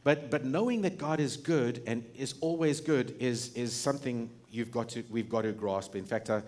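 A middle-aged pastor delivers a sermon in an animated, conversational style, frequently restarting sentences and breaking into laughter. His voice sits in the mid range, and he speaks at a moderate pace.

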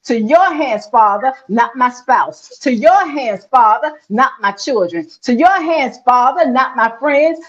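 A woman preaches a sermon, building her points through rhythmic repetition and rising emphatic calls. Her voice sits a little high. The recording is muffled and lo-fi.

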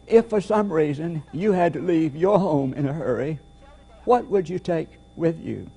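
Mellow-voiced male preacher. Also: a little high, animated, gravelly, husky. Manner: deliberate, emphatic preaching with repetitions. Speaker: pastor. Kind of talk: sermon.

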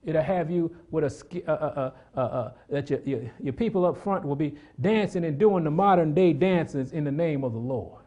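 A man preaching a sermon, swinging from loud emphatic bursts to low hushed asides and firing rhetorical questions at the congregation. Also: moderate pace, hardly any pauses, highs cut off.

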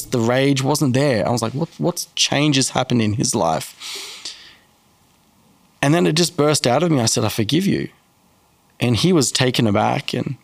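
A man sharing a personal faith testimony in an interview, earnest and halting, with frequent restarts. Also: medium pitch, vocal fry, no room sound. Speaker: guest telling his testimony.

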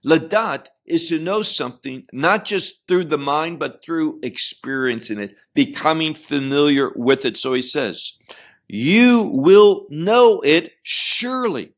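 Male Bible teacher, slightly high voice, unhurried, deliberate verse-by-verse explanation. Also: fairly bright tone. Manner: deliberate, often repeats and restarts words; explains Hebrew terms.

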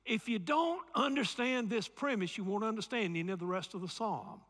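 Southern male pastor, high lively voice, emphatic sermon delivery, big echoing hall. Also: moderate pace. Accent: Southern American. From Alabama, USA. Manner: emphatic preaching, repeats key phrases, calls for audience response.

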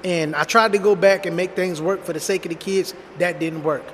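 Man, high voice, blunt slangy storyteller, talks to viewers, reverby room with faint background hum. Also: fairly even intonation, fairly quick, a bit bright. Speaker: storytime vlogger. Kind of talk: casual storytelling monologue.

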